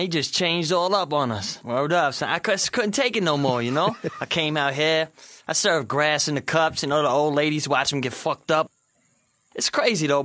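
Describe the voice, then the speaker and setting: An actor playing a streetwise man catching up with an old friend, talking in relaxed slang. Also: on the high side, dry recording, studio quality.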